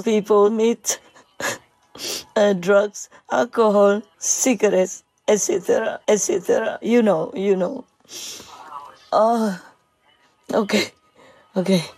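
A woman giving an emotional spiritual talk, halting, with many fillers and repeated words. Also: mid-range voice, a little mellow, no room sound, low-quality recording.

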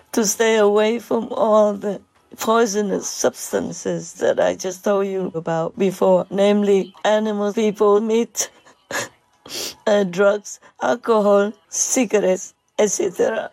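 A woman giving a heartfelt spiritual talk in a halting, emotional way, pausing often. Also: mid-range voice, creaky, darkish tone, no echo. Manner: halting and emotional, with frequent pauses.

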